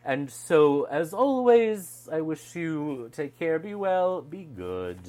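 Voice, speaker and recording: A man's voice: on the high side, sing-song, slow, mellow. A man casually chatting through a deck unboxing, wry and digressive, often trailing off mid-thought. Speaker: tarot deck reviewer. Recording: mains hum underneath.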